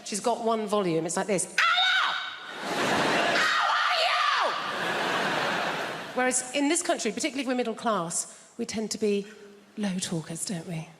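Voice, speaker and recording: A woman's voice: mid-range voice, lively intonation, brisk, long reverb tail, very noisy. A woman performing a stand-up routine on a large theatre stage, dry and self-deprecating with hesitant fillers. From England. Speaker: stand-up comedian. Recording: live theatre with a loud audience.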